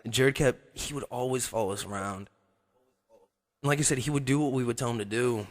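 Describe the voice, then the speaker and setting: A man's voice: mid-range voice, fairly quick. A young man co-hosting a podcast, telling crude, profane stories and laughing often as he goes. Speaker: podcast co-host. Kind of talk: crude casual storytelling.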